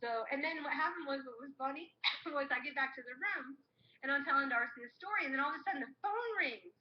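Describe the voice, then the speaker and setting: A woman's voice: high voice, fast talker. A woman co-hosting a live show, telling a travel story with lots of acted-out dialogue. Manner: animated, acts out what people said. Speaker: co-host of a live crafting show. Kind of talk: casual storytelling chat. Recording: muffled live-stream audio with faint hum.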